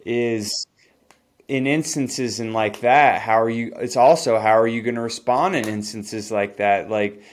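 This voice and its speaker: A man's voice: medium pitch, a little slow. Man musing with rhetorical questions. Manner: reflective, asks rhetorical questions. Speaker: podcast co-host. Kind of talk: casual spiritual chat.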